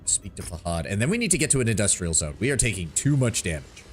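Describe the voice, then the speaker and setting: A man's voice: lowish voice, sing-song, quick pace. A male streamer giving casual, swearing gameplay commentary with wry reactions. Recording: game music loud under voice.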